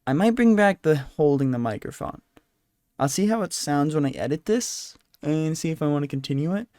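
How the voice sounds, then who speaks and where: A man's voice: fairly high pitch, lively intonation, moderate pace, a little mellow, no room sound, clean studio sound. A tired man hosting a podcast alone, chatting casually in a rambling, self-deprecating way and apologizing often. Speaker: podcast host. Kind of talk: casual solo podcast chat. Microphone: handheld microphone at a desk.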